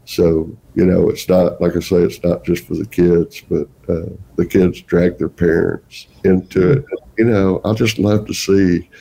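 A man's voice: sits low, little pitch movement, unhurried, vocal fry, mellow, low-quality recording. An older man with a Texan accent, a guest telling folksy, rambling stories in a casual interview. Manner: folksy, rambling storyteller with chuckles. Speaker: guest Santa performer.

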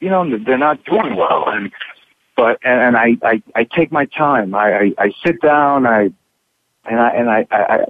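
An actor being interviewed by phone from his room, talking haltingly with many restarts and repeated words. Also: mid-range voice, lively intonation, no echo. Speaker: actor guest. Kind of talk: candid interview over the phone. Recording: tinny dry phone line.

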